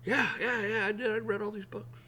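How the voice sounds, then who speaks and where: A man voicing an overexcited young man in his twenties who gushes loudly about his reading. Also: high voice, steady tone, a little fast, a little hiss or hum, voice pushed up. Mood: gushing. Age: 20s. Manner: gushing, breathless and loud.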